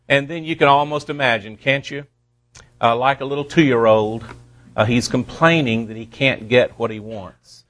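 A pastor preaching a sermon to his congregation, slowing down to stress key words and dropping playful asides. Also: medium pitch, fairly bright tone.

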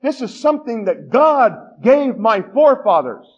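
A man's voice: very high voice, sing-song, rapid-fire, slightly rough, dull audio, pitched above the performer's own voice, heavily acted. A man voicing an indignant devout vineyard owner refusing a king, in a sermon. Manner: indignant, rising.

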